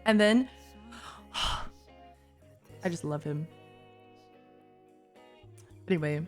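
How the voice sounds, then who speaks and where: A woman streamer chatting casually while reacting to a show, gushing, giggly and excitable, with frequent swearing. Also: deep voice, extremely slow, faint music behind.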